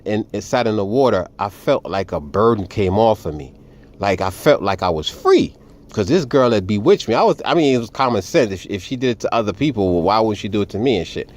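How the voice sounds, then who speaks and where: Low-voiced man telling a story. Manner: animated, profane, addresses listeners as family. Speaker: vlogger. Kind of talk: personal storytelling.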